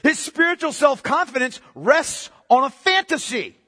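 A man preaching a sermon as pastor, swinging between loud emphatic bursts and hushed asides. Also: very high voice, big pitch swings, moderate pace, in a large hall.

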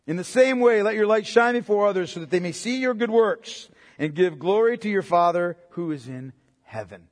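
A man preaching a sermon as pastor, impassioned, swinging between loud outbursts and low, quiet emphasis. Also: expressive, normal speed. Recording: long hall reverb.

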